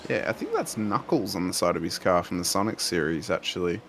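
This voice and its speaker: A man's voice: low-pitched, very animated, brisk, fairly bright tone, a little hiss or hum. A man calling a sim race and bantering with his co-host, enthusiastic and repeating words as he gets going. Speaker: lead race commentator. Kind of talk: sim racing play-by-play and banter.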